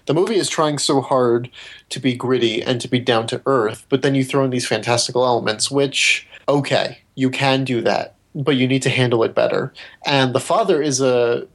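A man's voice: medium pitch, moderate pace, low-quality recording. Blunt man critiquing a film. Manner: blunt, wry, argumentative. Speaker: podcast co-host.

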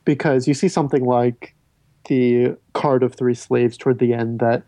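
Male podcast host, rambling and talkative, warm mellow timbre. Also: medium pitch, steady tone, moderate pace, dry recording. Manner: rambling, self-interrupting, stammers on restarts. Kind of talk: casual film discussion.

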